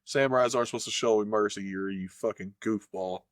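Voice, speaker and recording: A man's voice: on the low side, quick pace, dry recording, clean studio sound. A man co-hosting a sports podcast in casual chat, swearing freely and breaking into playful impressions. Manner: profane, animated, jumps into playful impressions. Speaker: podcast co-host.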